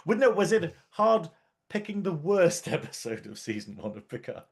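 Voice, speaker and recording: Lively, teasing man co-hosting. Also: high voice, moderate pace, breathy edge. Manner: teasing, laughs often, blunt. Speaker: podcast co-host. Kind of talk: casual review banter.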